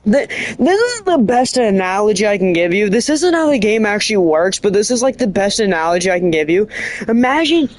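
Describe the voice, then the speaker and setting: Rambling, excitable game streamer. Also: mid-range voice, a little fast. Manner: rambling, excitable, keeps restarting and correcting itself; animated storytelling with bursts of laughter. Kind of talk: casual streaming chat.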